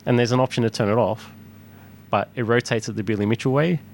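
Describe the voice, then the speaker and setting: A man's voice: medium pitch, quick pace, vocal fry, slight background noise. A man talking casually about retro arcade hardware in a podcast conversation, rambling with restarts and frequent laughs. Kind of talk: casual chat.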